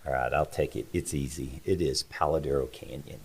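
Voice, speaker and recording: A man's voice: very deep voice, fairly even intonation, brisk, vocal fry, husky. A man, a guest on a church podcast, giving plainspoken, brief answers. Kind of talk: casual chat.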